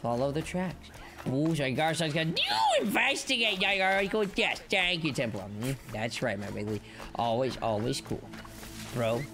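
A playful man streaming his gameplay, swinging from low mumbles up to loud yelps as he chants silly bits and yells at the enemies on screen. Bright game music plays clearly behind him. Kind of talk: live-stream gameplay commentary.

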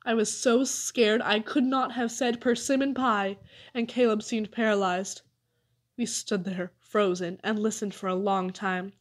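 A woman narrating a children's story aloud with an expressive reading. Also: mid-range voice, a little slow. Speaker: audiobook reader.

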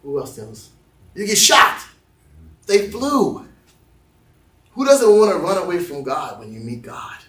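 A male pastor preaching a lively sermon, acting out voices and joking with the congregation. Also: high voice, a little slow, pauses often, reverberant, recorded from a distance, very noisy. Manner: animated, acts out voices, jokes with the congregation. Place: church sanctuary.

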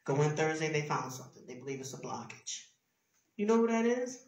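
Brief: woman pastor preaching in a sermon, fervent and forceful, distant mic in a reverberant church. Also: low voice, sing-song, fairly quick. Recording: echoey church from far off.

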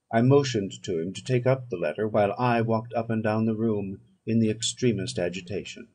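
Male audiobook narrator with a husky voice and a measured, solemn delivery. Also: on the low side, darkish tone. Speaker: audiobook reader.

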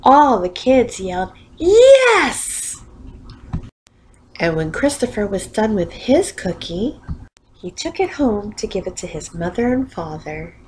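A woman reading a children's story aloud, animated and playful with sound effects. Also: mid-range voice, measured pace, a little hiss or hum, rough recording.

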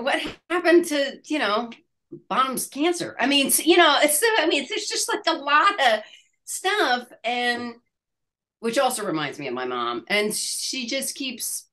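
Bright-toned halting woman in her sixties. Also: fairly high pitch. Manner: halting, searching for words, laughing. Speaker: actress, interview guest. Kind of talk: casual interview chat.

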